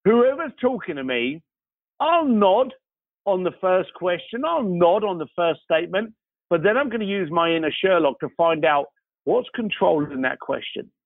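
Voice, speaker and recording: A man's voice: high voice, normal speed, no room sound. A man telling stories in an interview, acting out the dialogue as he goes. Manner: animated storyteller acting out dialogue. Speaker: guest, concierge business owner. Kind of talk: interview storytelling. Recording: tinny phone-like line, dry.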